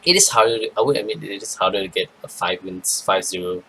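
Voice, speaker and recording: A man giving a rambling, casual card game review, tired and yawning, with many pauses and restarts. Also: low-pitched, level tone, creaky, a bit bright, husky, poor audio. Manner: rambling, lots of ums and restarts. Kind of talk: casual commentary.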